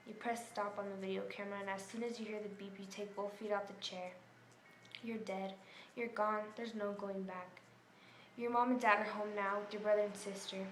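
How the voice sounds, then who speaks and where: A woman telling a story in a somber, earnest voice, correcting herself now and then. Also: medium pitch. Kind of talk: earnest home-video narration. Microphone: camera mic. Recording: echoey room, faint hum.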